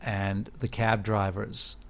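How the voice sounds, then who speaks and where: A man in casual conversation on a podcast, telling lively stories and acting out the people in them. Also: lowish voice, takes it slowly, gravelly. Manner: animated storyteller who acts out quoted voices. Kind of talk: casual chat.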